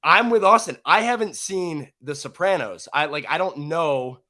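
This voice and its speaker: A man's voice: on the high side, animated, moderate pace, bright, forceful tone. A young man co-hosting a sports podcast, chatting in an easygoing, rambling way. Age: young adult. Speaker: podcast co-host. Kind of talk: casual chat.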